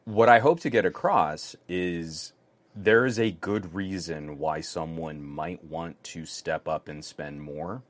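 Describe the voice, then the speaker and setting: A man's voice: deep voice, slow pace, dry recording. A man co-hosting a casual tech podcast, talking animatedly and sometimes acting out the people he quotes in mock voices. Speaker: podcast co-host.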